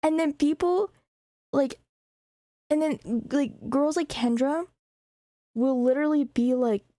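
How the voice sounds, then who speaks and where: A woman's voice: high voice, unhurried, warm tone, dry recording, studio quality. A young woman streamer chatting casually, rambling, swearing freely and laughing often. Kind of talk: casual chat.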